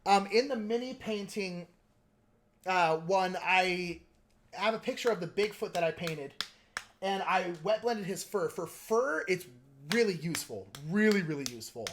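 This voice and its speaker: A man's voice: sits high, lively intonation, measured pace, fairly bright tone, slight background noise. A man hosting a live stream, chatting casually and meandering while he explains his painting technique and answers viewers.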